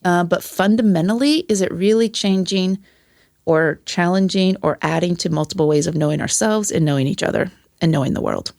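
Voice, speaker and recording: A woman's voice: on the low side, brisk, gravelly, a little mellow, no room sound. A woman talking as a podcast guest and former teacher, candid and profane, acting out the voices of people she quotes. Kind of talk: casual conversation.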